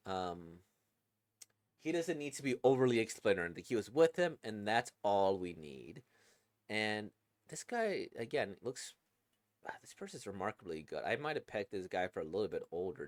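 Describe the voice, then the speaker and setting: A man's voice: fairly low pitch, no room sound. A man giving casual, chatty commentary while reading a manga, enthusiastic and full of fillers. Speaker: manga reaction creator.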